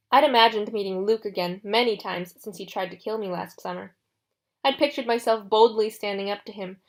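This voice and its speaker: A woman narrating a fantasy audiobook in steady first-person storytelling. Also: mid-range voice.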